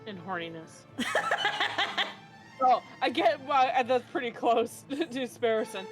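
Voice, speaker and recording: A playful woman on a stream tosses in teasing remarks. Her voice is fairly high, with faint music in the background. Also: expressive, unhurried. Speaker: co-player. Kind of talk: casual livestream chat.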